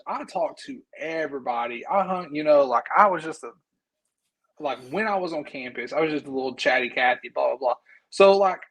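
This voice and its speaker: A man talks casually as a podcast co-host, and his voice sits a little higher than most men's. He tells his stories in a chatty way, acting out what people said. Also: slightly rough, rough recording. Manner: chatty storyteller, acts out quotes. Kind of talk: casual chat.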